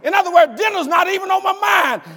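An older man preaching a sermon, stammering and repeating himself, swinging between shouts and asides and asking the congregation "am I right about it.". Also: very high-pitched, animated, fast, vocal fry. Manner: stammers and repeats words, bursts into shouts and laughter. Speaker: pastor. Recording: long hall reverb.

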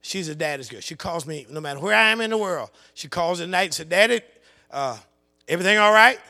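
An older man preaching a sermon, telling a family story and calling out to the congregation, his voice swinging from low murmurs to impassioned shouting. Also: lively intonation, fast talker.

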